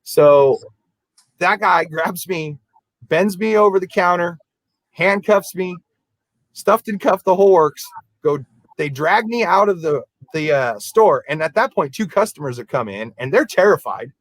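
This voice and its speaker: A man, a podcast co-host, telling a story in a casual, animated way and acting out the people in it. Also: sits high, measured pace, no echo, low-quality recording. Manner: animated, acts out quoted voices.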